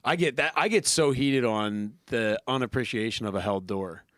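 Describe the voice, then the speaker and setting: A young man on a podcast, trading jokes and quick banter in casual chat, laughing often. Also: mid-range voice, fairly bright tone, dry recording, clean studio sound.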